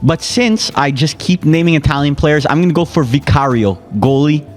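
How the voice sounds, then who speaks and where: A man's voice: on the high side, moderate pace, faint music behind. A man competing in a quiz with friends, joking around and trash-talking in casual banter. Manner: playful, trash-talking, jokey. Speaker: quiz contestant.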